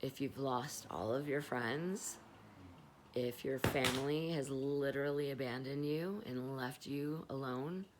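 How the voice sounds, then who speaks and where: A woman's voice: rumbling low, a little slow, very noisy. A middle-aged woman talking candidly and rambling in a confessional vlog, swearing freely while stoned. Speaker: vlogger.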